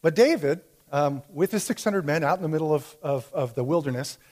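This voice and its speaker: A man's voice: a little high, lively intonation, brisk, darkish tone. A man preaching a sermon in a conversational way, with fillers and restarts as he explains a Bible story. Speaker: pastor.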